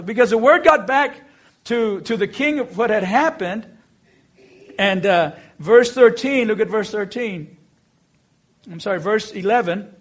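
A male pastor preaching a sermon, telling a scripture story expressively with slow, emphatic phrases. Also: high-pitched, fairly bright tone.

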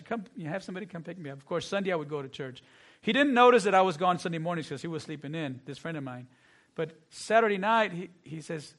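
A man preaching a sermon as pastor, telling a personal story in a lively, earnest way and acting out the dialogue. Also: on the high side.

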